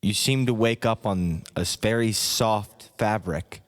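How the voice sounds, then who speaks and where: A man narrates a mock sleep hypnosis in a soft, hypnotic second-person voice. His voice sits very low and moves at an unhurried crawl. A long hall reverb trails every phrase. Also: clear, resonant tone.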